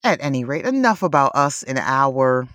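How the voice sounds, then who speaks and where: A woman's voice: extremely low pitch, very animated, moderate pace, a bit bright, no room sound. Chatty woman podcast host, dry sound. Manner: chatty, lots of "like" and "you know", laughs often. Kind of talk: casual chat.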